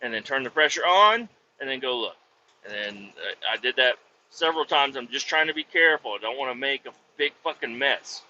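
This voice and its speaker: A man's voice: medium pitch, expressive, fairly quick, sharp tone, a little hiss or hum. A man hosting a podcast, rambling through a work story in casual talk with heavy swearing. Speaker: podcast host, vacuum truck operator. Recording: dull lo-fi sound with faint ambience.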